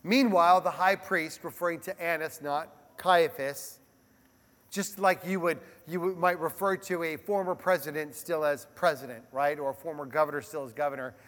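A man preaching a sermon as a pastor, animated and conversational, with frequent asides to the listeners. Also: on the high side, normal speed, big-room sound.

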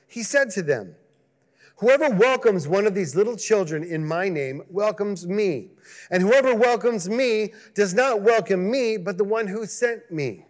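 A man's voice: sits high, long reverb tail. A man preaching a conversational sermon, acting out voices and asking the listeners questions. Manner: conversational, animated, acts out quoted voices. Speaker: pastor.

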